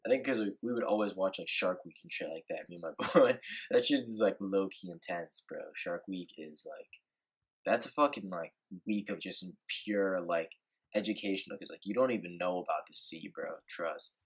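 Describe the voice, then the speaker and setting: A man's voice: low voice, normal speed, breathy edge. A young man telling a rambling, laid-back story in a casual vlog, full of filler words and swearing. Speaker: vlogger.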